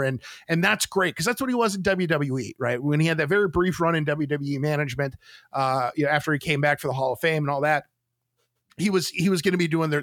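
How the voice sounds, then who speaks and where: A man with a high voice talks in a casual podcast rant, full of disbelief, swearing and fillers. His voice is dry, with no room around it. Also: a bit bright, no room sound. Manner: incredulous, swearing, rambling with fillers. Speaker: podcast co-host. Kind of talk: casual chat.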